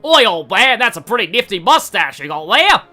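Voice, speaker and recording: Streamer doing a cheeky young raccoon girl, Australian accent, brash, bright voice. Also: medium pitch, big pitch swings, normal speed, soft background music. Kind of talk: gaming stream voicing of game dialogue.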